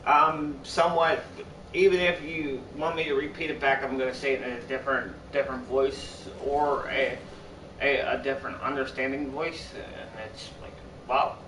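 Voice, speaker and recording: A young man live-streams to his viewers, chatting in a rambling, repetitive way and often restarting his sentences. His medium-pitched voice is steady at a moderate pace. He's far from the mic in an echoey room with background noise.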